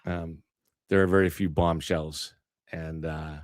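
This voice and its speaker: A man hosting a live stream, chatting in a measured way and repeating words as he starts. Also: deep voice, little pitch movement, no room sound. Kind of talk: casual chat.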